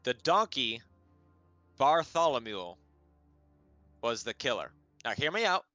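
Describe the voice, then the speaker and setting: A man's voice: mid-range voice, big pitch swings, takes it slowly, pushed and bright, dry recording, soft background music, voice pushed up, heavily acted. A man voicing a cocky male detective in a tabletop game, with a put-on New Jersey accent and swaggering, emphatic delivery. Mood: explaining. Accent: mock New Jersey.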